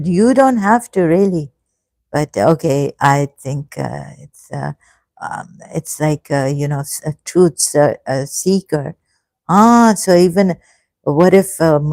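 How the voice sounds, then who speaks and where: A woman in her fifties hosting a casual livestream, halting and hesitant, full of restarts and effusive thanks. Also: sits low, darkish tone, dry recording. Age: 50s. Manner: emotional, effusively grateful. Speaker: livestream host. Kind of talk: casual livestream chat reading comments.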